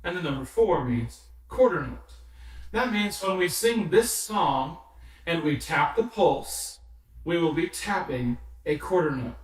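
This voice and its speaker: A man's voice: a little high, lively intonation, measured pace. A man teaching a music lesson, patiently explaining notes, rhythms and solfege, sometimes chanting or singing them. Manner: patient, counts rhythms and sings solfege aloud. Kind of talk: slow instructional explanation. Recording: very echoey room, somewhat distant mic.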